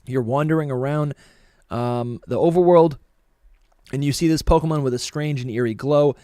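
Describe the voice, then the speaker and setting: Rambling podcast host, dry close mic. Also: male voice, a little high, moderate pace, mellow, clear, resonant tone, dry recording. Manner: loose, rambling, self-correcting. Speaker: podcast co-host reading chat. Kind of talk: casual live podcast chat.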